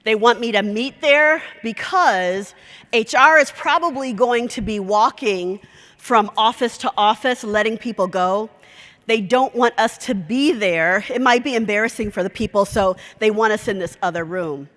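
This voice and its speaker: A woman speaking at a conference with a sharp, bright tone that sits a little high. She tells a lively story and acts out the dialogue. Her voice echoes around a large conference hall. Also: normal speed.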